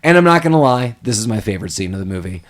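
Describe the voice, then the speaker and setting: A man hosting a casual podcast, recapping a film scene and tossing in quick voices for the characters. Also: fairly low pitch, very animated. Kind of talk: casual chat.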